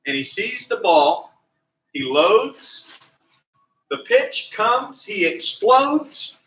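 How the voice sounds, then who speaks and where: With a high-pitched voice and drawn-out words, a man coaching kids in PE acts out an animated story, voicing its characters with plenty of energy and theatrics. The recording quality is low.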